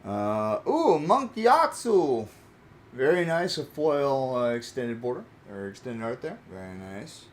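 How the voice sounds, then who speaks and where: A man hosting his own channel chats casually while opening trading card packs, repeating his reactions as he goes. His mid-range voice is expressive and a little slow, with hardly any pauses.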